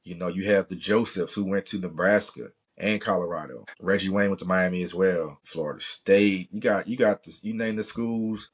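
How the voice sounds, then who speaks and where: Middle-aged male podcast host from Louisiana, low husky voice, passionate rambling sports rant. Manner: passionate, rambling, Southern slang. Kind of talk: sports opinion talk.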